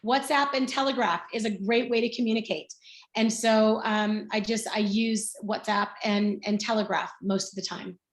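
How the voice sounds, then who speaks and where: In an echoey room, a sixty-something woman from Middle Tennessee chats through her story as a video-call guest in a casual testimonial. She uses many fillers and restarts, speaking at a moderate pace with a medium pitch and fairly even intonation.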